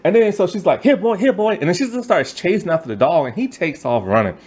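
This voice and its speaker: A man recaps a TV episode in a loose, chatty review, and his pitch jumps around a lot as he tells it. He slips into the characters' lines as he retells scenes, and he keeps breaking into laughter. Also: quick pace, breathy edge. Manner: animated, laughs often, acts out characters' lines while retelling. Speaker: TV show reviewer.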